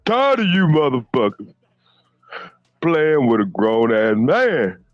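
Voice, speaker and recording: A man's voice: medium pitch, very animated, slow pace, no room sound, lo-fi sound. A man impersonating a boastful, arrogant former basketball star in a comedic rant, swearing and stumbling over repeated restarts. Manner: profane bragging, stammered restarts.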